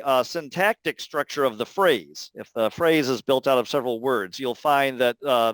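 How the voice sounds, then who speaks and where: Measured man explaining, smooth and dry. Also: medium pitch, a bit bright, dry recording, rough recording. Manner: measured, explanatory, many "uh" pauses. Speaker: linguistics lecturer. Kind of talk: academic talk answering questions.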